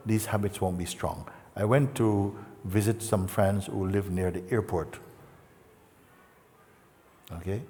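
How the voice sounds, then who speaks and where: Male spiritual teacher, low-pitched, gentle and playful, recorded in a hall with long reverb. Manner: gentle, playful, with long pauses and soft asides. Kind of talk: satsang talk.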